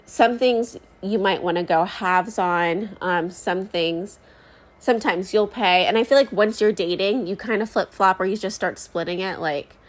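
A woman in her thirties talks in a loose, conversational way, full of fillers and asides. She is pregnant and hosting her own show, telling stories to her listeners at an easy, middle pitch. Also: a little slow. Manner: chatty, rambling, many fillers and asides. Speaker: podcast host. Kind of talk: casual storytelling chat.

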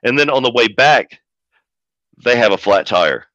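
Profane storytelling wrestling manager, bright voice. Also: male voice, mid-range voice, animated, a little slow, dry recording. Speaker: wrestling manager, podcast guest. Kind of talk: casual storytelling. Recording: dull lo-fi audio.

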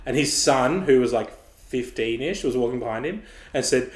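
A young Australian man co-hosting a casual podcast, telling anecdotes in a lively way and laughing through them. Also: medium pitch, fairly quick, slight background noise. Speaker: podcast co-host. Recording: roomy echo.

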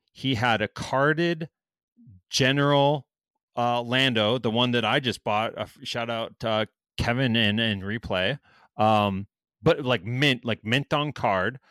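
A man's voice: medium pitch, clear, resonant tone, no room sound, clean studio sound. A man, telling a story in casual chat, swearing a lot and acting out what people said. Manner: animated storytelling, heavy swearing, acts out quotes.

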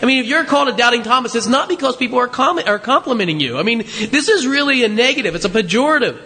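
Male pastor, very high voice, sermon, chatty rhetorical questions, long church reverb. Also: expressive, fast, pushed and bright. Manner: conversational, frequent rhetorical questions and asides. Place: church sanctuary. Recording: long reverb of a large hall.

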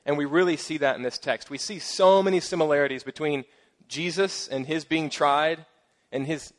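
A middle-aged man preaching a sermon as pastor, casual and playful with joking asides and lively emphasis. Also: a little high, moderate pace.

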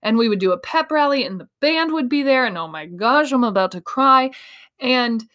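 A woman's voice: on the high side, moderate pace. A woman from Iowa giving an emphatic motivational talk as a speaker and coach. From Iowa, USA. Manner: animated, emphatic, acts out quoted voices.

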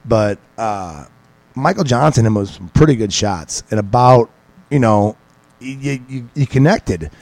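A man's voice: medium pitch, expressive, measured pace, darkish tone, dry recording, low-quality recording. A man guest on a sports podcast, talking mixed martial arts in a rambling, casual way with many restarts and fillers. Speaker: podcast guest, MMA pundit.

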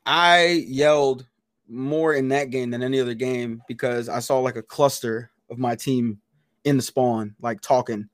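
A man co-hosting a podcast, telling stories in a loud, profane, animated way, full of slang and swearing. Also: mid-range voice, measured pace, no room sound, clean studio sound. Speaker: podcast co-host. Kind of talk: casual chat.

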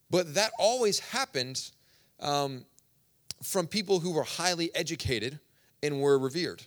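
A man with a voice on the high side preaches a sermon in a conversational, storytelling way. He swings between loud bursts and hushed asides.

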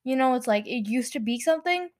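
A woman's voice: sits high, animated, fast, darkish tone. A woman playing a rambling, silly charity founder in an improvised comedy sketch, dragging out her words.

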